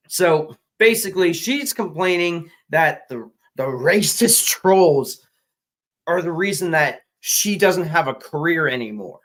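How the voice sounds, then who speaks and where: A man's voice: on the high side, expressive, slow, fairly bright tone, rough recording. Exasperated, profane man ranting casually. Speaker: podcast co-host. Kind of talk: casual opinionated commentary.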